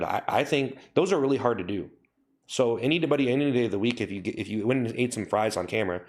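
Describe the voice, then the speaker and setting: A young man chatting casually on a livestream, rambling and correcting himself, with lots of fillers. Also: fairly low pitch. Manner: rambling, self-correcting, says "like" and "you know" a lot. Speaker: livestream host. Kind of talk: casual livestream chat with viewers.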